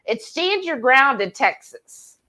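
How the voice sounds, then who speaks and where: A woman's voice: high-pitched, very animated, slow, sharp tone, rough recording. A woman hosting a casual live-stream chat, reading out comments and telling stories with frequent laughter. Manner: giggly, chatty storyteller. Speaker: host.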